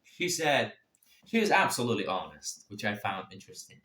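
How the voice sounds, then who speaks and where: A young man telling his own story casually, swearing freely and jumping in pitch and loudness. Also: fast. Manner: profane, animated, sudden swings in pitch and loudness. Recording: echoey room.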